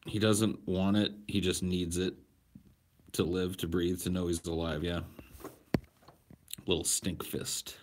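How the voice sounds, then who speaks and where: Blunt, profane, slow-talking man. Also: low-pitched, flat delivery, slight background noise. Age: 30s. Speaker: podcast host. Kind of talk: casual chat answering viewer questions.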